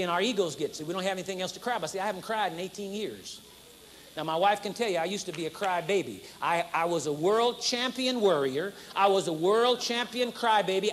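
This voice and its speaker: In a large conference hall, a pastor delivers a sermon that blends jokes with acted-out demonstrations. He speaks with a high, fairly bright voice, and the 1980s conference recording carries faint noise.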